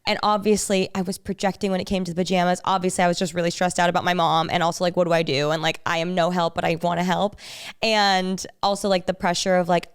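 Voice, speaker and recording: Smooth-voiced young woman telling a story. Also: lowish voice, fast talker. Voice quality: smooth, animated storytelling with acted-out quotes. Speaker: podcast co-host. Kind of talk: casual chat.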